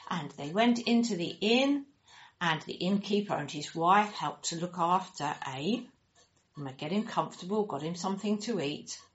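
A woman reads a children's story aloud with a lively, swooping voice that keeps rising and falling. She acts out every character and adds little sound effects as she goes. The recording sounds dull and lo-fi. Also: lowish voice, normal speed. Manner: animated and expressive, voicing characters with sound effects.

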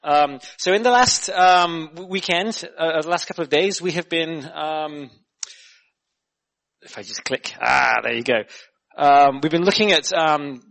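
A young man preaching a sermon in a chatty, animated way, repeating words and putting questions to the listeners. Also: fairly high pitch, unhurried, vocal fry. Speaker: guest preacher.

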